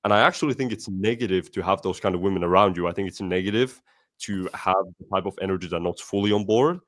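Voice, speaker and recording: A man's voice: sits low, quick pace, a bit bright. A man hosting a casual podcast chat, emphatic, often calling his guest "bro".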